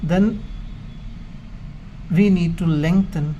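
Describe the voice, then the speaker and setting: A man teaching Hebrew grammar in a slow, measured way, explaining step by step with pauses. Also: high voice, dark tone, lo-fi sound, a little hiss or hum. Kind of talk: slow, methodical grammar lesson.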